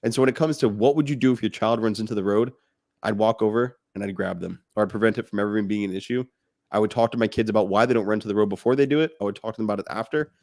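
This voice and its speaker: A man's voice: on the low side, rapid-fire, no echo, clean studio sound. A man co-hosting a fatherhood podcast, talking bluntly and animatedly in casual chat. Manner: blunt, animated, jokes with mocking quoted voices. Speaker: podcast co-host.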